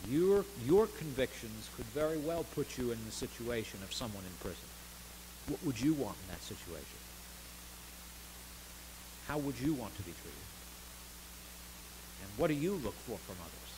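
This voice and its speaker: Animated male pastor preaching. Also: mid-range voice, moderate pace, pauses often, background noise. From United States. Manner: earnest preaching with swells of emphasis and soft drops. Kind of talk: sermon. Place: church sanctuary.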